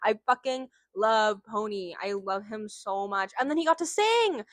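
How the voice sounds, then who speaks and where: A woman's voice: mid-range voice, lively intonation, moderate pace, no room sound. A woman chatting casually about a book she loves, gushing and drifting onto tangents, swearing now and then. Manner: gushing, rambling, goes on tangents. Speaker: book vlogger. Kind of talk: casual book review chat.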